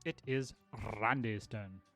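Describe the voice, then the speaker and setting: A man running a tabletop game as game master, narrating the action in a loose, rambling way. His voice is mid-pitched, with faint music under it. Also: takes it slowly, fairly bright tone.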